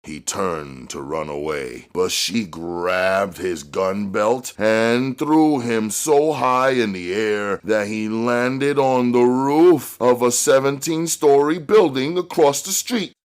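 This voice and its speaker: A man narrating an action novel aloud in a measured way that climbs on dramatic moments. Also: medium pitch, smooth. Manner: measured, rising on action beats. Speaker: audiobook reader.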